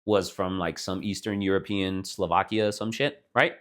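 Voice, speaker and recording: Young male podcast co-host from Texas, lowish voice, rambling storyteller who swears a lot. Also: steady tone, normal speed, fairly bright tone. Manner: laid-back storytelling, heavy filler words and swearing. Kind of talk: casual chat.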